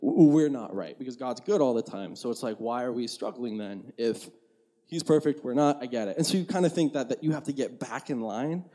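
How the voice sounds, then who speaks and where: A man's voice: medium pitch, lively intonation, a little fast, mellow. A young man giving a sermon in a conversational, candid way, acting out his own inner dialogue. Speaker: preacher.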